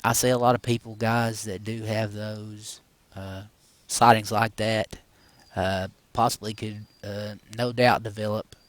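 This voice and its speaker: A man's voice: lowish voice, flat delivery, measured pace. A middle-aged man hosting a paranormal podcast, talking straight to his viewers in a loose, rambling way with many fillers and frequent asides to "guys". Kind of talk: casual rambling monologue to viewers.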